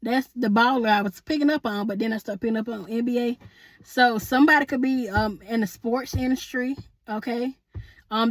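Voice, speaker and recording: A woman with a slightly high voice, recorded with no room sound, gives her viewers a chatty, sassy tarot reading. She calls them honey and boo, laughs often, and asks spirit questions aloud.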